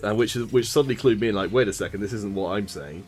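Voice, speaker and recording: A man's voice: fairly low pitch, fast, a little mellow, soft background music. A man casting a mobile game stream, greeting chat viewers by name and joking at his own expense. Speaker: esports stream caster. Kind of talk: casual stream commentary.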